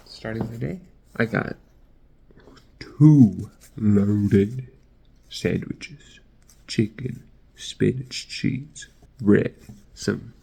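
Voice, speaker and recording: A man's voice: fairly low pitch, vocal fry, a little mellow, breathy edge. Chatty young man vlogging his day. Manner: chatty, rambling, mimics sounds and voices. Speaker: care worker student. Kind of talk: casual vlog diary.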